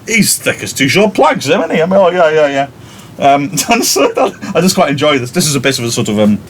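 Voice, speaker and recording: A man's voice: on the high side, very animated, fairly quick, husky. A man from the United Kingdom, a teacher, reading a play aloud to his class and adding chatty, wry, self-mocking commentary.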